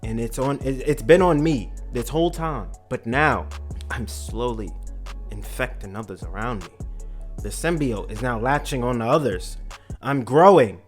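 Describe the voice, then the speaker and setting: Lively deadpan man telling dark jokes. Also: unhurried, faint music behind. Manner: deadpan dark humor, acting out coworkers in high voices. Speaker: storytelling comedian. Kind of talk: comedic storytime monologue.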